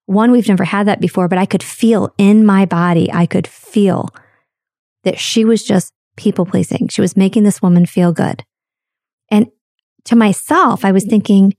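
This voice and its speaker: A woman's voice: medium pitch, a little mellow, no echo, studio quality. A woman hosting a show, talking candidly in a reflective personal monologue full of childhood stories. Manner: candid, storytelling, drawn-out emphasis.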